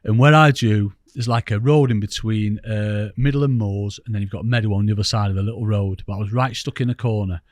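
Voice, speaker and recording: Chatty rambling English angler, dry room sound. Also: male voice, fairly low pitch, fairly even intonation, brisk, hardly any pauses, no room sound. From England. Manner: chatty, rambling, self-mocking. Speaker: podcast guest, angler. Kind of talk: casual storytelling interview.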